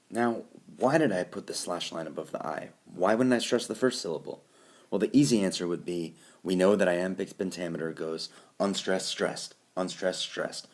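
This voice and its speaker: A man teaching a recorded lesson, explaining step by step and reciting lines with exaggerated stress. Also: deep voice. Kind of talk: recorded classroom screencast lesson. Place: voice-over recorded over a whiteboard app.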